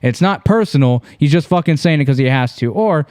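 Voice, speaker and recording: A man's voice: on the high side, lively intonation, fairly quick, darkish tone, clean tone, dry recording. A man co-hosting a casual podcast, talking crudely and directly to the listeners. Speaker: podcast co-host.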